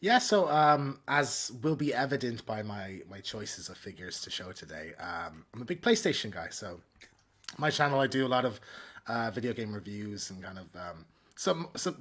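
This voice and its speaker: A man's voice: mid-range voice, a bit bright. A man with an Irish accent co-hosts a casual online chat about games and toys. His voice moves up and down a lot. He talks in an easygoing way, with plenty of fillers. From Ireland. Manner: easygoing, uses many fillers. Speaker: co-host, YouTuber. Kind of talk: casual live-stream chat.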